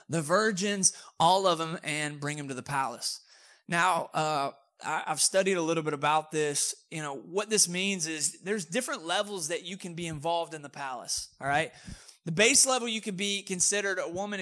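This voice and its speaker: A man's voice: on the high side, pushed and bright. A man preaching a sermon in a casual, joking, conversational way. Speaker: pastor.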